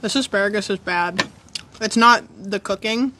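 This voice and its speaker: A woman's voice: medium pitch, moderate pace, sharp tone, slight background noise. A woman live-streaming from her phone at home, chatting casually to her viewers and her dog as she grills. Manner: chatty, rambling, talks to her dog and chat.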